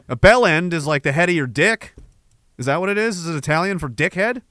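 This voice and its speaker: A man's voice: sits high, big pitch swings, fairly quick, fairly bright tone, no room sound. A man hosting a podcast, ranting crudely and sarcastically and reading out chat comments. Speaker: podcast host. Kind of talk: casual livestream rant.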